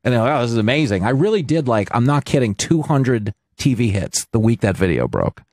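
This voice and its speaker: Brief: male comedian guest, sarcastic storyteller, mid pitch, dry close sound. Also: sing-song, fairly quick, darkish tone, dry recording. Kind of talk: casual chat.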